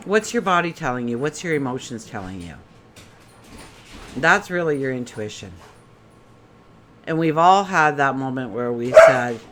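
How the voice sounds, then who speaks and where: A woman gives a relaxed daily tarot reading, chatting and asking question after question. Her pitch moves a lot as she talks. A faint hum of room noise sits behind her. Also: unhurried, pauses often. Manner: chatty, asks many rhetorical questions. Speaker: tarot reader.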